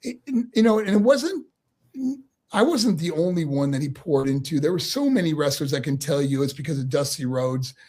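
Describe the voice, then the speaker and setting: Husky middle-aged man, laughing storyteller. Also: on the high side, moderate pace. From New York. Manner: animated, laughs often while telling stories. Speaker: guest, former pro wrestler. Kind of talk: casual interview storytelling.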